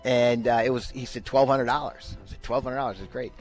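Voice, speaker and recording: A man's voice: medium pitch, fairly quick, faint music behind. A man hosting a radio talk show, telling a casual story and acting out the lines he quotes. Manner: animated, acts out quoted lines.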